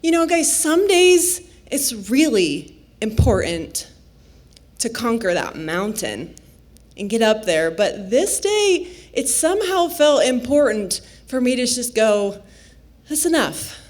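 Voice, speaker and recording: Slow, playful woman storyteller. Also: fairly high pitch, very animated. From Nebraska, USA. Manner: unhurried, playful, laughs often. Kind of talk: live personal storytelling.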